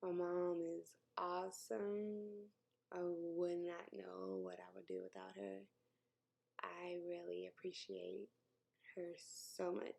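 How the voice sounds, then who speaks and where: A woman's voice: on the low side, vocal fry, warm tone. A woman, talking candidly and emotionally to camera in a personal vlog, sometimes dropping to a near-whisper and laughing between thoughts. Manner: laughs between thoughts, jokes about her news. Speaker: vlogger.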